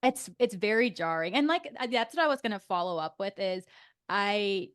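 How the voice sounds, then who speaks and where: A young woman co-hosting a casual chat show, recapping a TV episode in an animated way, full of fillers and laughter. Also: mid-range voice, normal speed, smooth. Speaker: podcast co-host.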